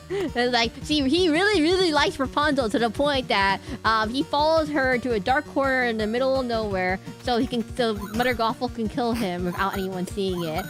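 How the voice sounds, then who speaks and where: A woman's voice: on the high side, normal speed, over music. A woman streamer chatting casually and rambling while she plays a game. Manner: rambling, chatty, lots of fillers and restarts.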